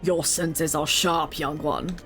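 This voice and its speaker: A cold, masked imperial commander, as a woman puts him on in a lowered voice. He speaks slowly and with measured menace, with a bright, clear edge to his tone. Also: steady tone, faint music behind, exaggerated voice. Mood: condescending.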